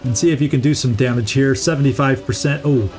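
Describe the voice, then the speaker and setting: A man's voice: medium pitch, fast, a little mellow, soft background music. A middle-aged man hosting a let's-play, chatting casually and thinking aloud as he plays, often restarting words. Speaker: gaming channel host.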